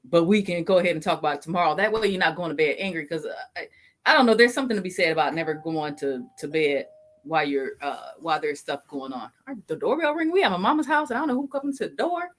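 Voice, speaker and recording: A woman's voice: lowish voice, animated, fast talker. A woman co-hosting a casual couple's podcast, thinking aloud with many restarts and easy laughter. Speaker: podcast co-host.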